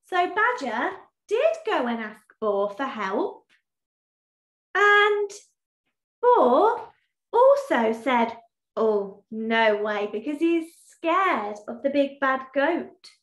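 Expressive, high-voiced woman teacher reading aloud. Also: extremely slow. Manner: expressive and sing-song. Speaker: primary school teacher. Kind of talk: reading a storybook aloud in an online lesson. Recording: echoey room.

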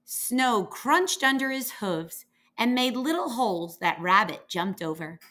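Slow, lively woman reading a storybook. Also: a little high. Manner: lively character voices, slow and expressive. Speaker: reader. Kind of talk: children's picture book read-aloud.

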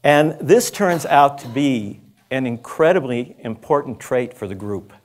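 Man telling a lively story at a talk. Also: mid-range voice, unhurried. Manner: animated, conversational, with restarts and asides. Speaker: conference speaker. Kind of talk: storytelling lecture. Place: school conference talk.

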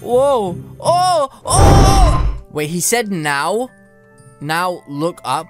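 A woman narrating a game roleplay in an excitable, exclamatory way, gushing and shouting reactions as she voices her characters. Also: on the low side, takes it slowly. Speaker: gaming video creator. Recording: clear background music.

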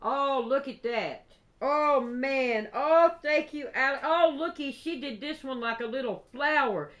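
A woman with a drawl gushes over craft gifts in a casual vlog. Her voice sits a bit high and she talks slowly, stretching out her excited exclamations. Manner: gushing, excitable, drawn-out exclamations. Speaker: crafting vlogger. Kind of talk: casual unboxing chat.

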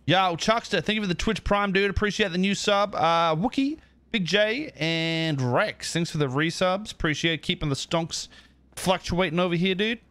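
A man with a high-pitched, fairly bright voice speaks at normal speed while live-streaming a roleplay game. He's the streamer and owner of the roleplay server, chatting casually and slipping into playful baby talk.

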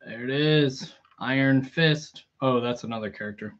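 A man live-streaming a toy unboxing in a relaxed, chatty way, greeting viewers by name. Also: medium pitch, normal speed, lo-fi sound. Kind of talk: casual live-stream chat.

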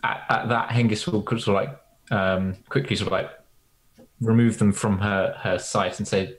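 Man, tabletop player, low voice, flat pitch, halting, apologetic. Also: poor audio. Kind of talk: playing a character in a tabletop game.

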